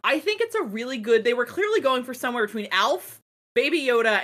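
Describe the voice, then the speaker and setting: A woman co-host rambles through a casual podcast chat, her voice swinging up and down in a lively way. Her tone is bright and sharp. She talks loosely and curses often. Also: a little high, quick pace. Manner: animated, rambling, swears freely.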